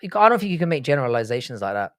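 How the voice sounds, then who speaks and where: A man's voice: medium pitch, sing-song, racing. British-accented male streamer, blunt crude banter, casual live-stream chat. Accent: British English. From Ireland, raised in England. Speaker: university professor.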